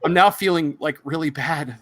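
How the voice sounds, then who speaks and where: Halting, rambling man telling a story. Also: on the high side, a bit bright, no room sound. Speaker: psychic reader, show host. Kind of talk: casual storytelling chat.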